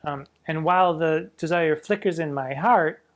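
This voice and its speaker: A drag performer muses casually about poetry in a slightly high voice at normal speed. He reads verse lines aloud with relish and drops in wry, self-mocking asides.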